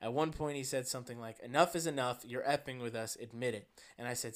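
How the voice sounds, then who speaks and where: Deadpan man with a New Jersey accent. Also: mid-range voice, fast talker, hardly any pauses. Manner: deadpan storytelling with bursts of laughter. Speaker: podcast co-host. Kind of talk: casual chat, reading a story aloud.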